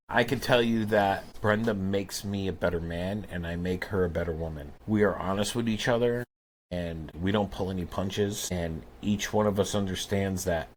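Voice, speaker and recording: A man's voice: sits low, a little hiss or hum. A man co-hosting a podcast, talking earnestly and emphatically in a candid conversation. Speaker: podcast co-host.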